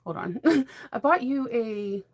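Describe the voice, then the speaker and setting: A woman's voice: on the high side, animated, takes it slowly, a little hiss or hum. A middle-aged woman hosting a sewing channel, chatting casually in a rambling, enthusiastic way and laughing often. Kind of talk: casual chat.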